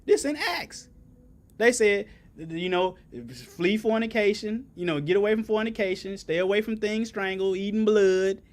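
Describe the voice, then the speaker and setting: Male preacher, high voice, folksy call-and-response sermon, emphatic. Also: moderate pace.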